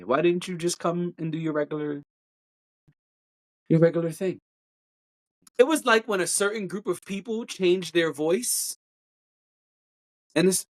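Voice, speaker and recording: A podcast co-host in casual, animated chat, teasing and opinionated. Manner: animated, jumps pitch to mimic singers.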